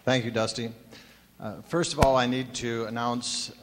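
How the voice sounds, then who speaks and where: A man's voice: mid-range voice, fairly even intonation, moderate pace, noisy background. Man, panel commissioner, reads prepared notes, dry humor, long hall reverb.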